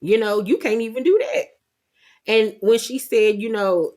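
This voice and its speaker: A woman's voice: a little high, lively intonation, unhurried, darkish tone. A woman giving a blunt, sassy, gossipy recap of a reality show. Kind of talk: casual commentary.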